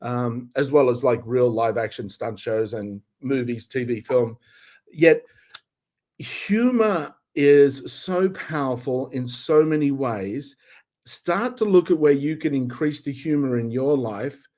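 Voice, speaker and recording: A man's voice: medium pitch, takes it slowly, darkish tone. A man talking casually as a guest on a live show about his comedy work.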